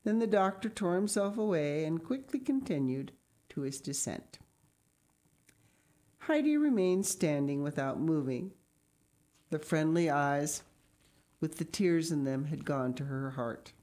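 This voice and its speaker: Low-voiced woman reading a storybook aloud. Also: lively intonation, mellow. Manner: reads slowly, stops to comment and cough. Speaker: reader. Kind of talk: reading a children's book aloud with asides.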